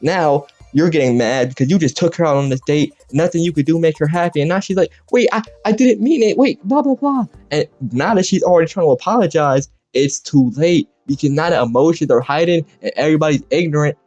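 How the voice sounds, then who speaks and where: Talking fast with hardly any pauses, a young male content creator in a slightly high, a little mellow voice rants crudely over gameplay. He swears often and hops between voices; there's no room sound, but the dull lo-fi mic picks up faint background music.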